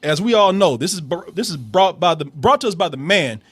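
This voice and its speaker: A man with a high, bright speaking voice riffs on a film trailer in casual studio chat. He swears freely, laughs often and stumbles over repeated words. The sound is close and dry, with no room around it. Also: expressive, fairly quick, husky, dry recording. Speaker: film reviewer host.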